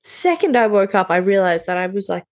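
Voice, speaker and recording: A woman's voice: mid-range voice, sing-song, a little fast, a little mellow. Blunt, swearing woman. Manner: blunt and matter-of-fact, swears freely. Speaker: podcast co-host. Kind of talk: casual chat recapping a TV show.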